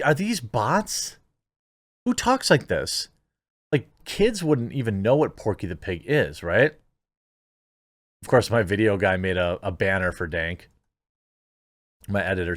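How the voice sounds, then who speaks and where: A man's voice: fairly low pitch, no echo. A man hosting casual online commentary, rambling and incredulous, with frequent filler words. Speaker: YouTube commentary host.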